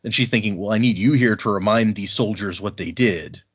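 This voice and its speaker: A man co-hosting a casual book podcast, retelling scenes and tossing in quick quoted lines with frequent laughs. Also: lowish voice, breathy edge. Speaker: podcast co-host. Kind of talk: casual book-club chat. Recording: dull lo-fi audio.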